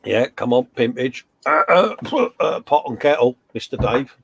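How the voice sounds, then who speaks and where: A man's voice: medium pitch, sing-song, measured pace, creaky, slight background noise. A man co-hosting a casual live stream, reading out viewer comments with jokey, matey banter. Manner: jokey, matey banter, calls everyone mate and fella. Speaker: co-host of a live modelling chat stream.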